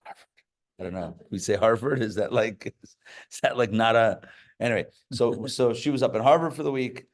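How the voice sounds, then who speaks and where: A man's voice: medium pitch, normal speed. A rabbi teaches a live class in a loose, conversational way. He wanders into stories and joking asides and often stops to restart a sentence. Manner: chatty, joking asides, many fillers and restarts. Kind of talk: casual Torah class with stories. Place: live class before an audience.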